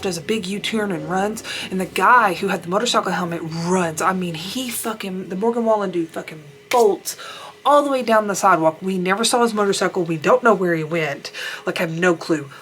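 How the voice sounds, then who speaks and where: A woman's voice: fairly low pitch, fairly bright tone, slight background noise. A young woman chatting casually while doing her makeup at home, rambling and laughing as she tells a story, swearing now and then. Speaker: beauty vlogger.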